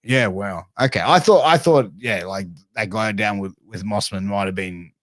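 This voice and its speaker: A man hosting a podcast, asking questions in an excitable, laid-back way with plenty of swearing. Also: fairly low pitch, normal speed, no room sound, clean studio sound. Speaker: podcast host. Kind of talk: casual podcast interview.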